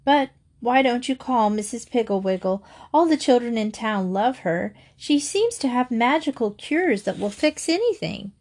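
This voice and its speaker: A woman's voice: fairly high pitch, animated, moderate pace, few pauses, a little mellow. A woman reading aloud and voicing a breezy, matter-of-fact mother of five in a storybook.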